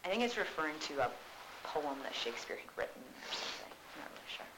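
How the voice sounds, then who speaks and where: A woman's voice: sits low, big pitch swings, fast talker, very noisy. A woman teacher giving a casual, chatty classroom explanation, full of "like"s, in a classroom.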